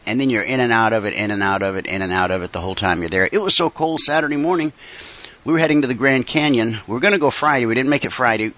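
Talking fast in a mid-range voice, a middle-aged man delivers an easygoing, folksy monologue peppered with wry asides, his nose slightly blocked by a cold. The sound is a bit bright, and the high frequencies are trimmed away.

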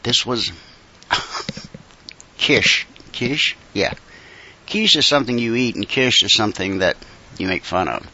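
Somewhat congested from a cold, this middle-aged male host keeps his monologue casual and homespun, slipping in dry, wry remarks. The voice runs low, with a forced, bright quality and a clipped top end.

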